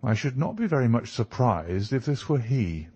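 A man's voice: mid-range voice, sing-song, moderate pace, dark tone, slightly rough, muffled recording. A man voicing a brilliant male detective who lectures in a precise, superior way. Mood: lecturing.

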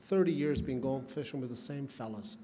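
A man's voice: mid-range voice, fairly quick, dark tone. A man telling rambling, folksy comic stories as a roaster at a charity roast, teasing the guest of honor. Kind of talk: comedic roast storytelling. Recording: long hall reverb, faint room noise.

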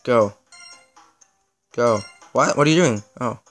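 A man's voice: mid-range voice, takes it slowly, a bit bright, soft background music. A young man giving casual, exasperated gameplay commentary, with sarcastic asides as he plays. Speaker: gaming video host.

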